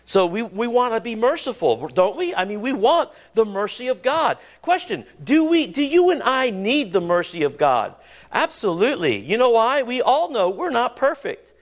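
A man preaching a sermon, animated, slowing into stately tones when he quotes scripture. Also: high-pitched. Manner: animated, rising and falling, quoting scripture in slow stately tones. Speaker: pastor.

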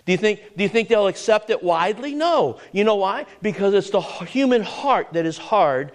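A man's voice: sits high, animated, normal speed. A man preaching a sermon as pastor, pressing the congregation with emphatic rhetorical questions.

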